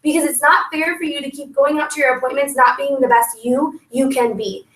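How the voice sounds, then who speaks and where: A young woman leading a lively sales training talk to a group, coaching her team and acting out sample pitches. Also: brisk, distant mic. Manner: energetic, coaching, acts out scripts. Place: meeting room with a group. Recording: echoey room, voice from off-mic.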